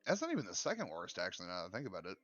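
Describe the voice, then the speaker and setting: Teasing low-voiced man, muffled mic. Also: huge pitch swings, rapid-fire, a bit bright, dry recording. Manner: teasing, dry interjections. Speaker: podcast co-host. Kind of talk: casual chat.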